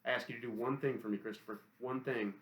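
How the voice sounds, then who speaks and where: A man voicing an angry middle-aged father who swears and scolds his son in a low, hard voice, read in an audiobook. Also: steady tone, fast, close to an everyday voice. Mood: angry scolding. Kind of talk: audiobook character voice. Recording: roomy echo.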